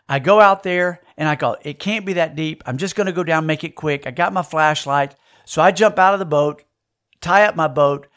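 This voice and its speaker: A man, giving a folksy, animated storytelling sermon to young people. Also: on the high side. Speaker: speaker at a youth camp.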